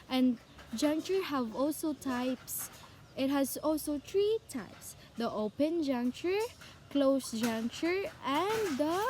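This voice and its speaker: A woman's voice: high voice, darkish tone, a little hiss or hum. A woman giving an informal classroom explanation, repeating examples and answering her own questions. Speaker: presenter explaining speech skills.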